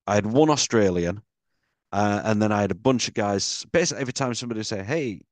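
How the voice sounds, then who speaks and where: British man, podcast co-host, low voice, dry close sound, casual swearing chat. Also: quick pace, dry recording. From Britain. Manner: swears a lot, animated storyteller.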